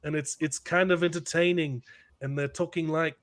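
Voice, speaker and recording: A man's voice: a little high, steady tone, moderate pace. A man hosting a podcast in casual chat, rambling and repeating words as he starts his sentences. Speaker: podcast host.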